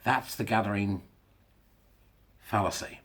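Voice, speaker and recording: A man's voice: on the low side, steady tone, slow pace, a bit bright. Blunt man riffing solo. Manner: blunt, jokey, laughs at his own jokes. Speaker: podcast host. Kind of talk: casual monologue.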